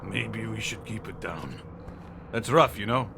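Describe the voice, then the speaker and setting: A man's voice: fairly low pitch, lively intonation, a little slow, creaky, pushed and bright. Wry male game streamer, noisy hiss. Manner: wry, joking asides. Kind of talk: live gameplay commentary.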